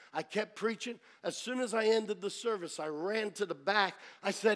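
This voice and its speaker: A man preaching a sermon as pastor, telling a story dramatically, dropping to a hush and then rising to shouts. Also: high voice, moderate pace, hardly any pauses.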